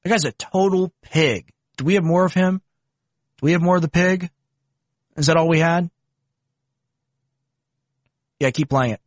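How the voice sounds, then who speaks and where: A man hosting a reaction commentary, heated and scornful, with sudden jumps in pitch. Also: brisk, dry recording. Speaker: political commentator. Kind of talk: reaction commentary on a video clip.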